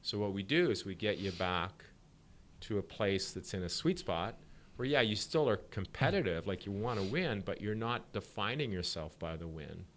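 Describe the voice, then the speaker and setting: A man's voice: on the low side, lively intonation, normal speed, a bit bright, slight background noise. A middle-aged man, a sport psychology guest on a podcast, explaining ideas at length and acting out examples with a laugh. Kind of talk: podcast interview.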